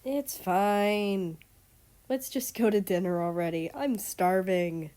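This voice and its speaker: A woman's voice: mid-range voice, moderate pace, warm tone, lightly acted. A woman voicing a bubbly, teasing young girl in a read-aloud story. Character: bubbly teenage girl, cheerful and pushy.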